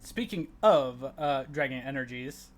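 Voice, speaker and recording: A man's voice: mid-range voice, animated, a little slow. A man playing in a tabletop role-play game, chatting casually and often stammering, repeating words as he starts. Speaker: player.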